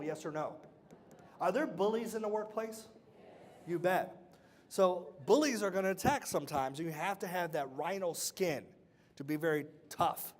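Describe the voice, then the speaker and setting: Young guy running a motivational workshop, kinda high voice, keeps asking the crowd questions. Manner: quizzes the audience with call-and-response questions. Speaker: workshop speaker.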